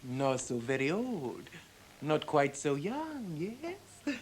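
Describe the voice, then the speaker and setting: A sly, brassy older dressmaker with a mock lilt. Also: female voice, sits low, very animated, slow pace, a little mellow, slight background noise, heavily acted. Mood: sly coaxing. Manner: coaxing, sly, broken English. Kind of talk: 1970s televised stage drama.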